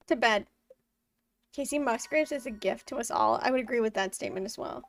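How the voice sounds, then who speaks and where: High, gravelly-edged woman streamer chatting. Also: brisk, no room sound, distant mic. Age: 20s. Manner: chatty, laughs often, talks to chat and the game. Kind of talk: casual live-stream chat while gaming.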